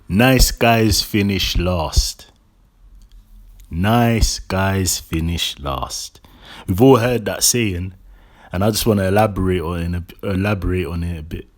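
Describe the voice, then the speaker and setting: A man hosting his own vlog, delivering a preachy monologue that repeats key lines slowly and keeps asking "right?". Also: sits low. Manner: tags statements with "right?". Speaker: vlog host.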